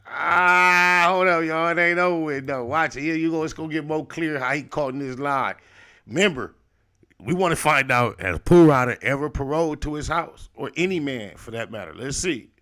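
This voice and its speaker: A man hosts a reaction stream and calls his viewers' attention to what they just heard. His voice is bright and a little high. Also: moderate pace. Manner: pointed, instructive asides to viewers. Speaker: reaction show host. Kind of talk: commentary on played clips.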